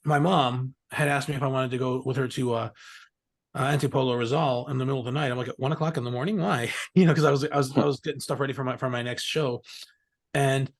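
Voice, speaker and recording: Here a middle-aged interview guest spins loose, rambling anecdotes, cursing freely and laughing a lot. He speaks quickly in a mid-range voice with a steady tone.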